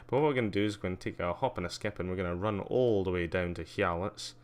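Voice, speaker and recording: A man with a deep, smooth voice hosts a casual live-stream tour. He rambles loosely, leaning on ums and uhs, and drops in wry little asides. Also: quick pace. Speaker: livestreamer.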